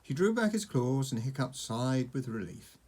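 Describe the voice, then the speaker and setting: A man narrating an audiobook with expressive storytelling. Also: medium pitch, normal speed.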